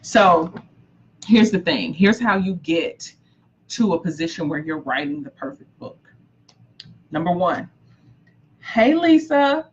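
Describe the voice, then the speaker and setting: A woman's voice: lowish voice, expressive, takes it slowly, long pauses, slight background noise. A woman coaching aspiring authors in a live-streamed talk, emphatic and repetitive as she drives her points home. She breaks off to greet viewers by name. The audio is dull and lo-fi. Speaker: book coach.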